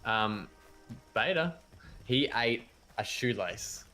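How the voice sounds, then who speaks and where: Lively, swearing male game streamer. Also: medium pitch, takes it slowly. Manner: animated, swearing storyteller. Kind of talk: casual gaming stream chat. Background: game music.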